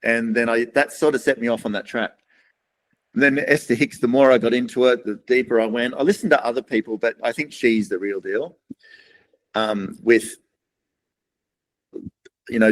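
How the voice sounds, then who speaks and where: A middle-aged Australian man talks as a podcast guest, winding through his stories in a loose, rambling way. He slips into quoted voices to act out what other people said, in a voice of ordinary middle pitch. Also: low-quality recording. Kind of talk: casual storytelling interview.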